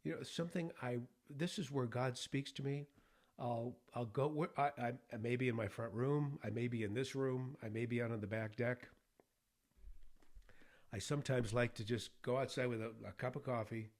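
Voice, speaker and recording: A middle-aged man hosting a devotional podcast, speaking earnestly and with deep feeling, at times choking up with emotion. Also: fairly even intonation, moderate pace, a little mellow. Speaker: podcast host.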